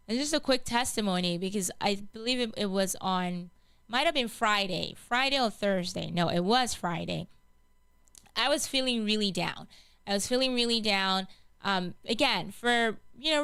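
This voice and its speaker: A woman's voice: mid-range voice, a bit bright, smooth, no room sound. A woman hosting a faith talk show, earnestly sharing a personal testimony and often repeating and restarting her words. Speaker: host.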